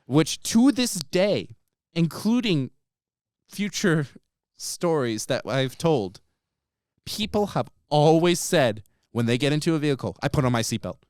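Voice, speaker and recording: A man co-hosting a podcast, telling a story in a casual, animated way with plenty of "um" and "like". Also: fairly high pitch, takes it slowly, dry recording, clean studio sound. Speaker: podcast co-host.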